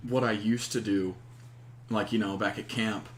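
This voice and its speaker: A man's voice: lowish voice, steady tone, normal speed, reverberant. A man playing a tabletop game, describing his moves in a loose, rambling way. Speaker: player. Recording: noisy room.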